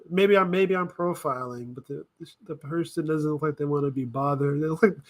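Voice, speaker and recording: A man riffing through casual reaction commentary with a voice pitched a little high. He thinks out loud, wanders off track and corrects himself as he goes. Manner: rambling, thinking aloud, self-correcting. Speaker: reaction video host.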